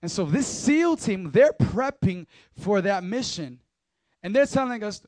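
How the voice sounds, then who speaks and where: A man's voice: high-pitched, lively intonation, measured pace, darkish tone, no echo. A man speaking as a youth pastor, giving a casual, slangy sermon and talking straight to the crowd.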